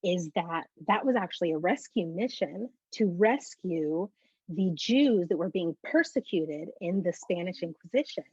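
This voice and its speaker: Woman, husky voice, animated faith testimony, muffled dry lo-fi recording. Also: fairly low pitch, measured pace, no room sound. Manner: animated storyteller who acts out dialogue. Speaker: guest.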